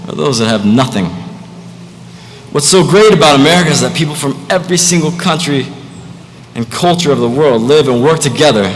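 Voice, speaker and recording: A young man giving a commencement speech as a student speaker, with a light, joking delivery. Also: on the high side. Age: young adult. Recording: echoey hall, faint noise.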